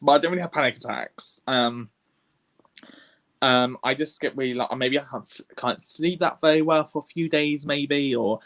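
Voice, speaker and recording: A man on a casual podcast, talking frankly and hesitantly about stress, with many pauses. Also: mid-range voice, a bit bright. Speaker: podcast co-host. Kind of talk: casual chat.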